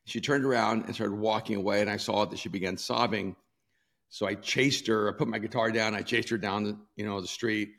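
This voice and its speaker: A man in his sixties from El Salvador, a pastor telling stories in an interview, laughing often and pausing with ums. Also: fairly low pitch, fairly even intonation. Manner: warm storyteller, laughs often, many ums and restarts. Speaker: pastor and author. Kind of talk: storytelling in a sit-down interview.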